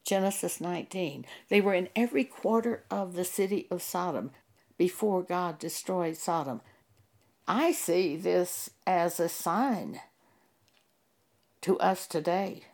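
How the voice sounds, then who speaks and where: A woman preacher delivering a sermon, speaking deliberately and with emphasis, pausing to cite scripture chapter and verse. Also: lowish voice, darkish tone.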